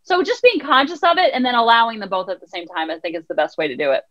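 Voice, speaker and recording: High, fast-talking counselor woman. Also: dry recording. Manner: animated, acts out quotes in voices. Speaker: child counselor and life coach guest. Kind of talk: podcast interview conversation.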